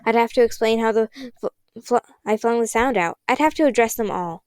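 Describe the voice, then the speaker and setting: A woman narrating a novel in a gentle, measured reading voice. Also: fairly high pitch, dry recording. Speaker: audiobook reader. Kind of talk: storybook narration.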